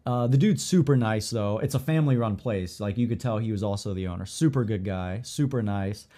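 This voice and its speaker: A man co-hosting a podcast, telling a story in casual chat, animated, swearing freely and acting out the dialogue with lots of "like". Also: on the low side, fairly quick. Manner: filler-heavy, lots of "like" and "I'm like".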